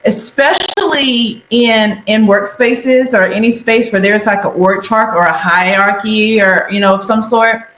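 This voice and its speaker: A woman's voice: medium pitch, a bit bright. A woman from North Carolina, a guest on a podcast, talking earnestly about leadership and often voicing agreement. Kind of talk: casual interview conversation. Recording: roomy echo.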